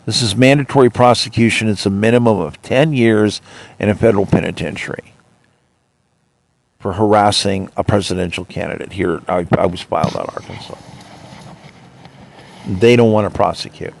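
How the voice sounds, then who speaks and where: A man's voice: lowish voice, normal speed, vocal fry, pauses often. A man hosting his own podcast, ranting indignantly and retelling his arguments with officials. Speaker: podcast host. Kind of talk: monologue.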